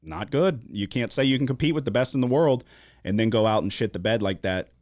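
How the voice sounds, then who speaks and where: Low-voiced, profane podcast host. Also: male voice, brisk, dry recording, clean studio sound. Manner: profane, animated storytelling. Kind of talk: casual sports-betting podcast chat. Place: studio.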